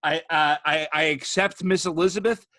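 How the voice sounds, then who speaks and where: A loud, swearing man swaps wrestling stories. His voice is bright, forceful and a little high, and he acts out what people said with big bursts. The sound is dry and close, with no room around it. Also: steady tone, normal speed, dry recording. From Philadelphia area. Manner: rowdy storyteller, swears a lot, acts out quotes loudly. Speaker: podcast host. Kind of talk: casual chat.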